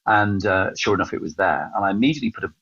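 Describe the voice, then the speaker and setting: An English man in his fifties, a podcast guest telling stories of his calling in a casual interview, animated and self-mocking. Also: deep voice, racing, breathy edge, dry recording. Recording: dull, slightly lo-fi sound.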